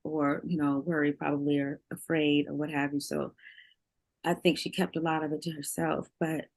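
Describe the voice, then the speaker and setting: A woman's voice: deep voice, flat delivery, normal speed, creaky, darkish tone. A middle-aged woman speaking candidly and emotionally in an interview, often repeating words and laughing. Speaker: interview guest, singer.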